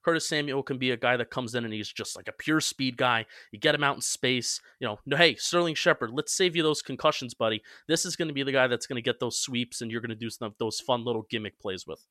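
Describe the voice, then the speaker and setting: A young man co-hosting a sports podcast, talking casually with quick restarts and self-mocking asides. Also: mid-range voice, bright, forceful tone, no room sound, clean studio sound. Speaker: podcast co-host.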